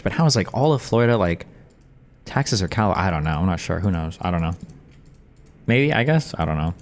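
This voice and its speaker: A man streaming and reacting to clips, rambling in a wry, sarcastic way to his chat at his desk mic. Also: low-pitched. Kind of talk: casual reaction commentary.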